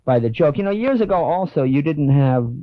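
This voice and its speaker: A man in his thirties, a comedian guest, telling animated stories in casual radio chat and laughing through his words. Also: on the high side, fairly quick, no echo, narrow, tinny audio. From United States.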